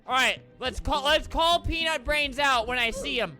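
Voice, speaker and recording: A man giving excitable gameplay commentary, yelling at other players and tossing out quick jokey asides. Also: very high voice. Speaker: gaming video creator. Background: faint game music.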